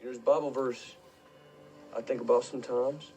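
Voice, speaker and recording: An actor in a film playing a solemn man quoting scripture to his men, grave and measured. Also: mid-range voice, steady tone, music in the background, close to an everyday voice.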